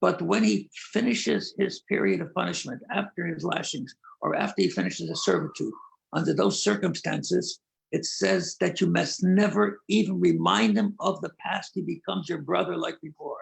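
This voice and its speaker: An older man, a rabbi, speaking in an earnest, measured way and slowing down to stress key points as he tells stories. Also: high voice, creaky, poor audio. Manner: earnest, measured, with deliberate slowed emphasis. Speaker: rabbi and prison-outreach leader. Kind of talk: conversational talk, storytelling.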